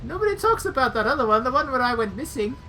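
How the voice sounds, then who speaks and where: A high, sharp and indignant voice of a cartoon plumber who is tired of living in his brother's shadow, as a woman puts him on. He whines and complains in a put-on accent. The pitch jumps well above normal, and the delivery is loud and pushy. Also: sing-song, fast talker, slight background noise, full character voice, poor audio.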